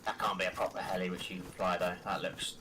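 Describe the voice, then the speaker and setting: A man in casual gaming chat with a teammate, muttering and thinking out loud as he plays. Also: deep voice, level tone, fast talker. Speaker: teammate in a survival game. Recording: noisy game stream audio.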